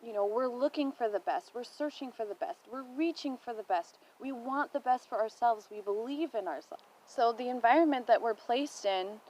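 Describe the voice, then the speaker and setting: Higher-voiced young woman vlogging at home. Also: moderate pace, few pauses, darkish tone, slight background noise, poor audio. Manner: encouraging, thinking aloud. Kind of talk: reflective personal vlog. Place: home indoors.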